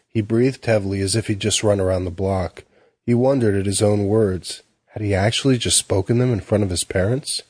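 A man narrating an audiobook in a steady, measured way. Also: lowish voice, husky, no echo.

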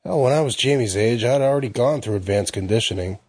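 A man's voice: medium pitch, quick pace, a little mellow, slightly rough, dry recording, pitched above the performer's own voice. A man voicing a falsely friendly, persuasive adult male salesman in a storybook reading.

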